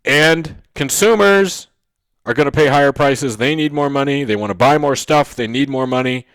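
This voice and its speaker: A man giving a recorded economics lecture in a mid-pitched voice. He keeps checking in with his listeners with "okay?" and "right?", and he goes back over key points slowly. The recording is dry and close, with no room sound. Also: a bit bright, no echo. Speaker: economics teacher.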